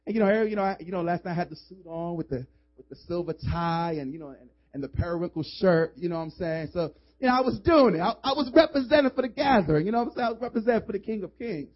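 A male pastor with a high voice preaches in a church, pressing his points with emphatic calls and casual, joking asides. The recording is dull and lo-fi. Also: expressive, quick pace, few pauses. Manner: emphatic, call-and-response urging. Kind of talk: sermon. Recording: dull lo-fi sermon audio.

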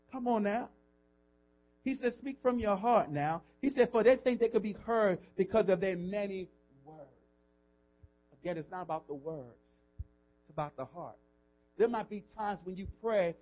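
A pastor preaching in a church, his man's voice pitched high above most men's. He moves from soft, tender lines to loud, stretched-out declarations and keeps calling out "come on" to the room. The audio is dull and lo-fi. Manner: preaching with rising and falling intensity, call-and-response asides. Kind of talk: sermon.

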